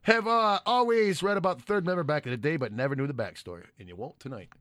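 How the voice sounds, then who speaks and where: A man's voice: a little high, quick pace, a bit bright, no room sound, studio quality. A man co-hosting a podcast, reading listener messages in casual, profane banter and laughing often. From United States. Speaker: podcast co-host.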